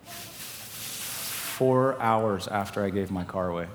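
A man preaching a sermon and telling a personal story, animated and laughing, swinging between loud preaching and quiet storytelling. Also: fairly low pitch, slow, a little hiss or hum. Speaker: pastor. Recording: live hall with long reverb and faint ambience.

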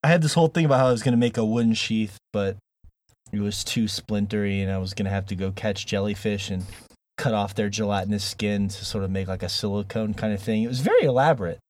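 A man's voice: fairly low pitch, fast talker, a little mellow. Jokey, rambling male podcast host. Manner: jokey, laughs often, rambling. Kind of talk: casual chat.

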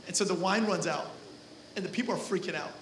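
A male pastor preaching a sermon with lots of energy. He jokes with the congregation and shouts for emphasis. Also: sits high, fast talker, reverberant, background noise. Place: church hall.

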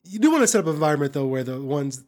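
A man's voice: fairly high pitch, big pitch swings, rapid-fire, a little mellow. Rambling, easygoing man on a podcast. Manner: loose, rambling, many "you know" and "I mean" asides. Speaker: podcast co-host, improv performer. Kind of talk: casual podcast conversation.

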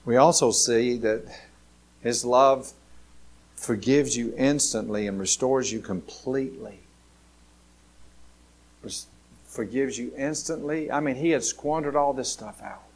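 A man, a pastor, delivering an earnest sermon straight to his listeners, shifting from hushed, slow lines to loud, excited ones. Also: mid-range voice, vocal fry. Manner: dramatic preaching, swinging from hushed to loud; earnest and direct, addressing listeners.

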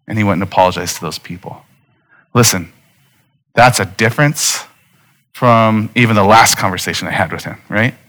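A man's voice: fairly low pitch, moderate pace, long pauses, a bit bright. Earnest man preaching a sermon. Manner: earnest, conversational preaching with direct appeals. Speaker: pastor.

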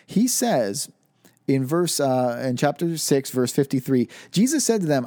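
Mellow-voiced man teaching scripture casually. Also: medium pitch, sing-song, unhurried, no room sound. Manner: casual, conversational, with rhetorical questions and fillers. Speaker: Bible teacher. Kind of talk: reading scripture aloud and explaining it.

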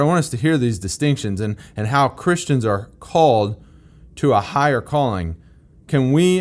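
A man's voice: medium pitch, a little mellow. A man teaching through a Bible passage in a conversational, plain-spoken way. He is emphatic and repeats key phrases to drive them home.

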